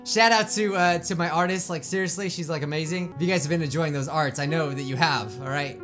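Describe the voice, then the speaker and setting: A man hosting a gaming video who reads a story game aloud and comments on it. He is excitable, laughs often and breaks into loud outbursts. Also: a little high, fast, music in the background.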